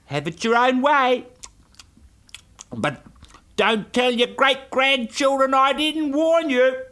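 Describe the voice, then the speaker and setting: A man's voice: very high voice, takes it slowly, sharp tone, pitched above the performer's own voice, heavily acted. A man voicing a gloomy male snail in a children's storybook, speaking in a doleful, matter-of-fact way.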